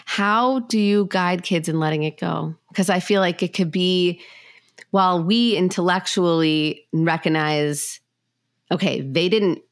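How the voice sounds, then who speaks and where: A woman's voice: fairly low pitch, measured pace, no echo, clean studio sound. A woman hosting a parenting podcast, who asks long, thoughtful questions. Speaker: podcast host. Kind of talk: podcast interview.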